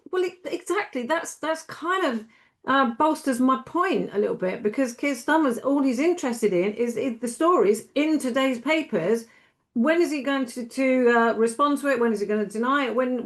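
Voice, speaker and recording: A woman guest commentator chatting in a studio, halting and indignant, with many restarts. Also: a little high. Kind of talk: casual studio chat.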